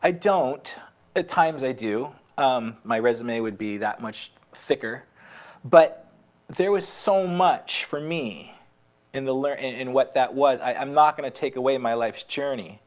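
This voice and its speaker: A guest in casual conversation who talks haltingly, with many restarts, and laughs easily. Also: mid-range voice.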